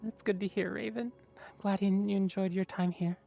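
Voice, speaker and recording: A woman's voice: medium pitch, steady tone, normal speed, gravelly, warm tone, soft background music. A woman streamer chatting casually with viewers, rambling and mumbling to herself with lots of fillers.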